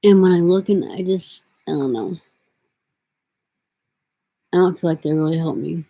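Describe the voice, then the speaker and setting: A woman's voice: fairly low pitch, steady tone, moderate pace, creaky, muffled recording. A middle-aged woman talking to her camera in a rambling, casual way, drifting from thought to thought with lots of fillers. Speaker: vlogger. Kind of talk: casual vlog talk.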